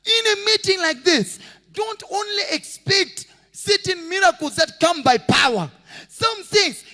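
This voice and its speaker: A male pastor preaches with a very high, lively voice that swoops up and down. His tone is bright and forceful, and it rings with a long reverb from the hall. He shouts and sings out phrases and acts out the people in his stories. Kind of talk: sermon.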